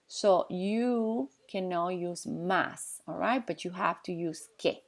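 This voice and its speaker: A woman teaching a Spanish grammar lesson in English. She explains patiently, pauses while she writes on the board and keeps checking in with her students. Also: fairly low pitch. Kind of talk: classroom lesson at a whiteboard.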